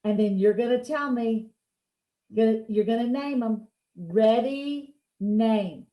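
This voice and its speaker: A woman leads a one-on-one reading lesson over a video call. Her voice sits high and her pace is slow and deliberate, with playful, encouraging prompts. The sound carries a roomy echo. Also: muffled recording, a little hiss or hum. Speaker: reading teacher.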